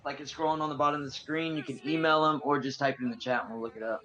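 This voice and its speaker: A man's voice: a little high, fairly even intonation, racing, sharp tone, dull audio. A man hosting a livestream, talking casually to viewers about the chat.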